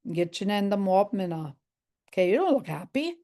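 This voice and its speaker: A woman's voice: medium pitch, expressive, normal speed, warm tone. An older woman teaching a language lesson, patient and repeating each phrase aloud for learners.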